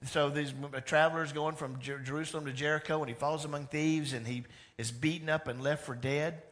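A man preaching a sermon as pastor, animated, moving between loud emphatic lines and hushed ones. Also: on the high side, fairly quick.

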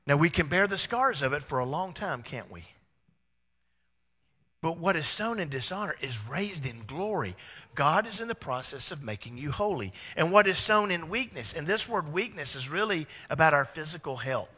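A male pastor preaches a sermon in a church sanctuary, with an animated storytelling delivery that acts out dialogue. His voice is fairly high and forceful, and it swings from loud to hushed. Long reverb from the hall trails behind every phrase. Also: normal speed, breathy edge. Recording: echoey hall.

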